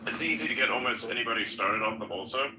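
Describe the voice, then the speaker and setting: A man's voice: medium pitch, quick pace, pushed and bright, slight background noise, low-quality recording. A man in a casual podcast chat, joking crudely and swearing freely.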